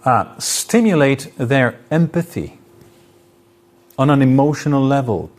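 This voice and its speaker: Man, lecturer, live talk in a hall, middle-pitched voice, spoken examples. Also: lively intonation, measured pace, a little mellow. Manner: explains with spoken examples and varied intonation.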